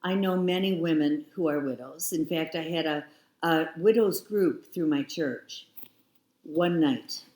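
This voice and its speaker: A woman's voice: sits low, unhurried, a little mellow, roomy sound. A woman in her sixties, a guest telling her own story frankly and reflectively, sometimes repeating herself. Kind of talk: candid personal storytelling.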